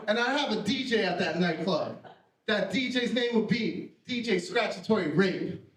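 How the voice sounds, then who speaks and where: Brash high-voiced comedian on a stage. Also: male voice. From Puerto Rican family. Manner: brash, profane, self-mocking punchlines. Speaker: stand-up comedian. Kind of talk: live stand-up set. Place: theater stage with live audience. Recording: roomy theater sound from a distance.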